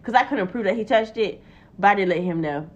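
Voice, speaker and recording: A woman's voice: mid-range voice, a little fast. A young woman telling a story in casual chat, acting out the quotes and swearing freely. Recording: dull lo-fi recording.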